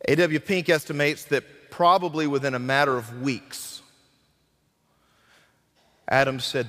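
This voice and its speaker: A man preaching a sermon as a guest speaker, earnest and dramatic, slowing down for emphasis and acting out quotes. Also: mid-range voice, little pitch movement, a bit bright, big-room sound.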